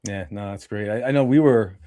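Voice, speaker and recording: A man's voice: lowish voice, a little fast, mellow, no room sound. A man hosting a podcast interview. He talks conversationally, often with "you know" fillers as he asks questions. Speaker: podcast host.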